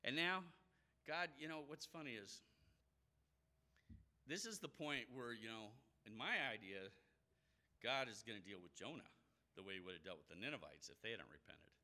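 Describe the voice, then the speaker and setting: Animated bright-voiced man preaching. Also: on the low side, moderate pace, long pauses. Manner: animated, acts out quoted voices. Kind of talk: sermon.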